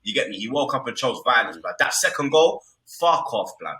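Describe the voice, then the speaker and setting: Loud swearing young man. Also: mid-range voice, big pitch swings, a little fast. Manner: loud, swearing, repeats street slang tags. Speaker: football podcast co-host. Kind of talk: heated casual football banter. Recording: echoey room.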